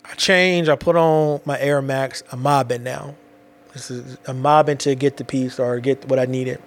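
A man with children telling a personal story in casual, animated, slang-heavy talk, often restarting his sentences. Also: medium pitch. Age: adult with children.

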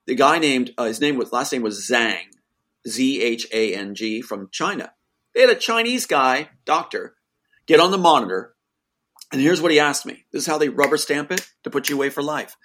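A man's voice: medium pitch, expressive, normal speed, a bit bright. A man, the guest, telling an emotional personal account in an insistent voice that rises to pleading outbursts.

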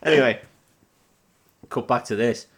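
A man's voice: medium pitch, unhurried, a bit bright. A young man co-hosting a comedy podcast, recapping a film in a rambling, laughing, swearing chat. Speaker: podcast co-host.

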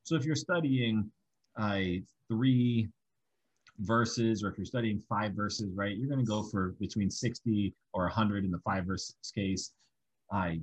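Low-voiced man teaching a Bible study. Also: a little slow, husky, lo-fi sound. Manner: explains step by step with examples.

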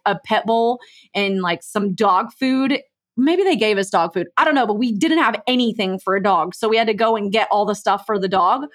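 A woman's voice: fairly high pitch, a bit bright. A woman, a podcast guest telling a casual story in a chatty way and acting out quoted dialogue.

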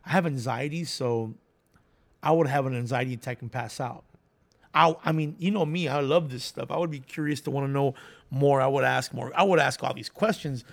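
Gravelly man telling a story animatedly. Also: mid-range voice, fairly quick. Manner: animated storytelling, acts out quoted voices, swears casually. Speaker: podcast co-host. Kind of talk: casual chat retelling a story.

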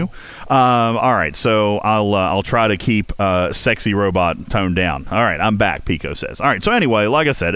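In a game community voice chat, the male host chats casually and jokes around, rambling at listeners with heavy fillers and restarts. His voice sits on the low side with a slightly bright quality, and there's no room sound.

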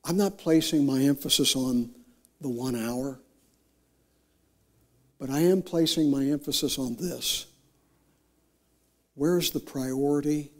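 A man preaching a sermon with slow, emphatic delivery, rising to impassioned peaks and dropping to near whispers. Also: mid-range voice. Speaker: pastor.

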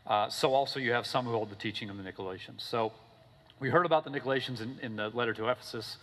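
A man preaching a sermon in a casual, animated storytelling way, often checking in with "okay?" and "right?". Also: fast talker. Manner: animated storytelling, acting out characters with big pitch swings. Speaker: pastor. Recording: long hall reverb.

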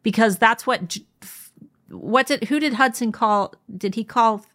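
A woman's voice: fairly high pitch, unhurried, a bit bright. A woman in her thirties co-hosting a podcast, talking in loose casual chat full of "like" and restarts. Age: 30s. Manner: rambling, many fillers and restarts. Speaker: podcast co-host.

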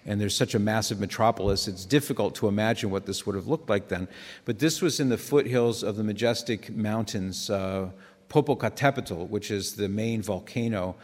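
A man giving a conversational, earnest sermon with digressive asides. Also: fairly low pitch. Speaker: Catholic preacher. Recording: long hall reverb.

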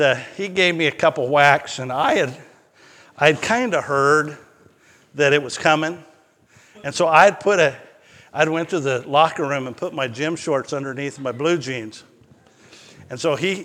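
Slow-preaching pastor in a reverberant hall. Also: male voice, fairly high pitch, fairly bright tone. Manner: conversational preaching with personal stories and rising emphatic peaks. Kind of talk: sermon.

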